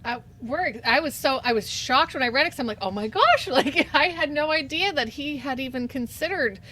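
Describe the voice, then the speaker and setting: A woman's voice: high-pitched, animated, normal speed, sharp tone. A woman hosting a live interview, enthusiastic and chatty. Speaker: host.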